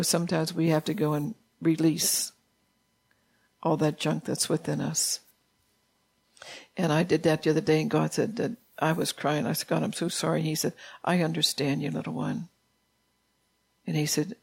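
A gravelly, fry-tinged voice of a preacher at mid pitch. It preaches an informal sermon in a loose, conversational manner, with frequent laughs. The delivery is folksy rather than formal. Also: darkish tone.

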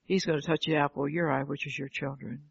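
A woman's voice: deep voice, fairly even intonation, fast, vocal fry, slightly rough. An older woman preaching a fervent sermon, calling out "Amen" and firing rhetorical questions at the congregation. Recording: dull lo-fi, dry sound.

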